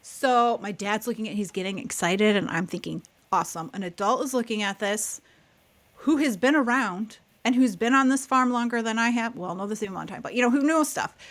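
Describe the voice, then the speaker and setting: A woman's voice: fairly high pitch, fairly quick. A woman co-hosting a podcast, telling a childhood story in casual chat, acting out quotes and laughing often. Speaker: podcast co-host.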